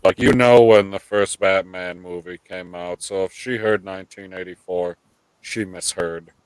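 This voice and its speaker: A man's voice: deep voice, fairly even intonation, normal speed, clear, resonant tone, no room sound, low-quality recording. A man hosting a live pop culture stream, ranting in casual chat with swearing and mock quotes.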